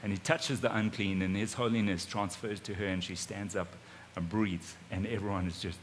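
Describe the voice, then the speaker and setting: A South African man preaching a lively first-person sermon, retelling the story in a chatty way and often repeating his opening words. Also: lowish voice, normal speed, big-room sound, background noise. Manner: animated, conversational, repeats his starting words. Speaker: pastor.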